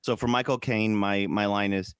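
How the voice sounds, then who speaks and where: A man from Chicago with a lowish voice, chatting on a podcast. He rambles and jokes, swears freely and often breaks into mock voices. The sound is close and dry. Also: steady tone, normal speed, smooth, dry recording. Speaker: podcast co-host. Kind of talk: casual chat.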